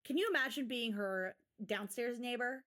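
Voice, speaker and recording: A woman's voice: on the high side, moderate pace, a bit bright. A woman co-hosting a podcast, recapping a reality show in casual chat with exasperated sarcasm. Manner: sarcastic, exasperated, quotes people in put-on voices. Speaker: podcast co-host.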